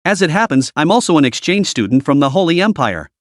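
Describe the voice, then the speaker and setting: A man's voice: on the high side, very animated, fast talker, no echo, studio quality. A man reading as a taunting tough senior girl. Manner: taunting, boastful. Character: haughty tough older female student.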